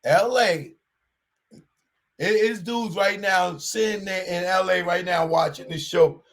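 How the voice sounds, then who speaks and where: A man hosting a show, giving a casual commentary monologue in animated street talk and repeating his warnings. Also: high-pitched, takes it slowly. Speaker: show host.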